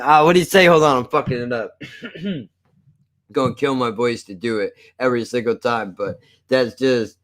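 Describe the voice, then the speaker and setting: A man's voice: medium pitch, normal speed, a bit bright. Joking, foul-mouthed male streamer. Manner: profane, joking, laughs often. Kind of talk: casual live-stream chat.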